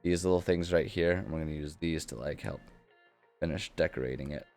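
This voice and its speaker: A deep-voiced man chats away on a live stream, cheerful and easily delighted as he talks through what he is doing. His tone stays casual and chatty, with faint music playing behind him. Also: a little fast, darkish tone. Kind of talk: casual live-stream chat while building.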